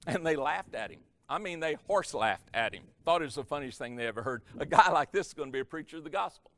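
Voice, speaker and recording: A man preaching as a pastor, telling a story in a sermon and swinging his loudness from hushed to loud for effect. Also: a little high, fast talker, few pauses, dry recording. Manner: animated, varies loudness for effect. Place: church or conference hall.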